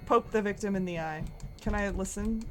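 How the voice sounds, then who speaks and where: A woman's voice: medium pitch, faint music behind. A woman casually chatting and joking while livestreaming an old adventure game. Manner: giggly and playful, quick asides.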